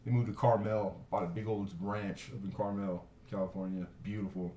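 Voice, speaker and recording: A man's voice: lowish voice, fairly even intonation, normal speed, dark tone. Chatty man running a coin auction. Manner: chatty, rambling storyteller between bids. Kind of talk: casual live-stream auction chat. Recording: echoey room.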